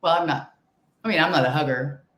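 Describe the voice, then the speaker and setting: A woman's voice: deep voice, fairly quick, a bit bright, echoey room. A middle-aged woman co-hosting a podcast, laid-back and wry in casual chat. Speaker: podcast co-host.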